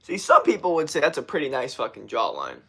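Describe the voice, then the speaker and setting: A man's voice: mid-range voice, huge pitch swings, quick pace, creaky, fairly bright tone, slightly rough. Profane young man chatting on a livestream. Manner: loose, rambling and heavily profane. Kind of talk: casual livestream chat to viewers.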